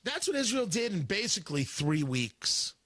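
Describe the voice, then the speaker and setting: A male radio talk show host giving political commentary, animated and sarcastic, acting out mocking voices. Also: sits high, moderate pace, no echo.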